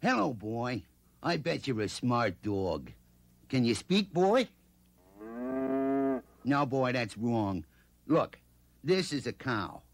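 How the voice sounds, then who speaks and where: A man's voice: medium pitch, sing-song, takes it slowly, gravelly, pauses often, no echo, heavily acted. A man playing a coaxing trainer who teaches a dog animal sounds in a children's TV sketch.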